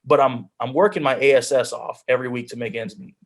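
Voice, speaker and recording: A man in his twenties speaks fast at a medium pitch with fairly even intonation. He's a pro football player appearing as a guest on a video call, earnestly recounting his life story and often quoting his own thoughts as self-talk.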